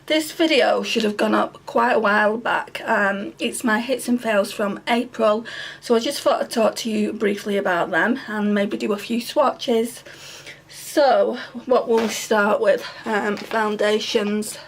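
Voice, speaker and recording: A woman's voice: medium pitch, measured pace, creaky. A British woman vlogging a casual makeup review, out of breath and with a sore throat, chatty and rambling with many ums. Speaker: beauty vlogger.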